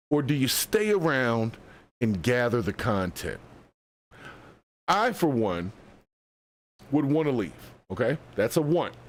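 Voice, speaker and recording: Animated, chatty male stream commentator. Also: medium pitch. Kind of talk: casual reaction commentary.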